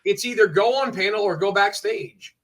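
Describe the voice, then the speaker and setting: A man's voice: high voice, moderate pace, a bit bright. A man ranting on a livestream, emphatic and repetitive, talking over and over the same point. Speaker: streamer.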